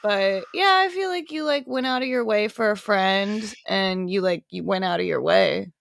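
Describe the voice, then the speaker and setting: A woman's voice: medium pitch, normal speed, vocal fry. A woman hosting a casual podcast, telling rambling stories full of laughter and swearing. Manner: rambling and giggly, many likes and swears. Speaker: podcast host. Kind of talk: casual chat.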